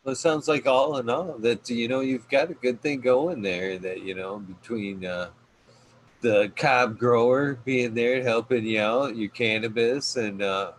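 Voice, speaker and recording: A man's voice: mid-range voice, unhurried, slight background noise, poor audio. A man hosting a casual podcast, rambling with lots of fillers as he thanks his guest. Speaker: podcast host.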